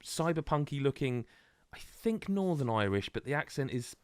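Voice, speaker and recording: A man co-hosting a podcast in casual chat, rambling and animated with many restarts. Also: mid-range voice, normal speed, no echo, studio quality. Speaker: podcast co-host.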